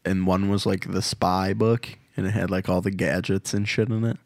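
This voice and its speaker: A man's voice: low-pitched, level tone, normal speed, creaky, no echo. A young man in casual chat, laid-back, answering briefly and telling short stories.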